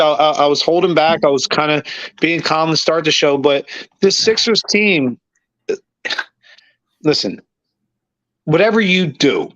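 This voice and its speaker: A man's voice: on the high side, a bit bright. A man co-hosting a casual sports podcast, talking in an emphatic, blunt way and hammering his points. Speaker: podcast co-host. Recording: dull lo-fi audio.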